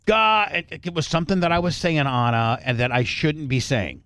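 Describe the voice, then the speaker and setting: A man hosting a podcast, telling a story in a loose, profane, animated way and acting out the quotes. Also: on the high side, moderate pace, clear, resonant tone, dry recording. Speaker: podcast host. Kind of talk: casual storytelling chat.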